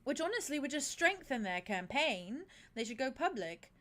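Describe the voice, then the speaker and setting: A woman's voice: sits high, big pitch swings, moderate pace, sharp tone, voice pushed up, heavily acted. Woman doing a clever wary grandma, dry and a bit formal, tabletop game. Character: shrewd, wary grandmother, a clever female politician. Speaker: player voicing a grandmother character. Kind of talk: in-character tabletop role-play.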